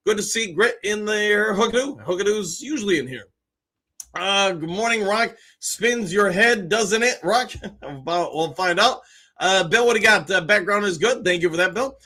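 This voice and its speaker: A man hosting a fan live stream, chatting casually and reading viewer comments aloud with greetings and quick replies. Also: high voice, bright, forceful tone.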